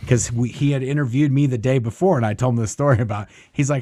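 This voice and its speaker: Speaking quickly in a mid-range, slightly mellow voice, this male guest storyteller wanders casually through a long personal tale. He leans on lots of fillers and performs the quoted lines of others, with no echo in the recording.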